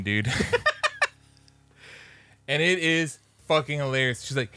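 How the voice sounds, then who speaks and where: Bright, animated man on a podcast. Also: medium pitch, slow pace, long pauses, clean tone, faint music behind. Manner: animated, laughing, profane banter. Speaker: podcast co-host. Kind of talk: casual chat.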